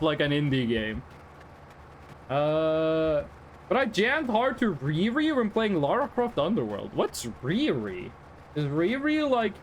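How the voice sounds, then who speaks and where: A young native Norwegian man from Norway chats casually with his live-stream viewers while he plays, rambling and talking straight to chat. His voice sits high, with a little hiss or hum in the recording.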